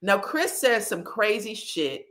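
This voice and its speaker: A woman hosting a reality TV recap, telling the story in an animated, sassy and profane way. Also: medium pitch, slow pace. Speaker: host.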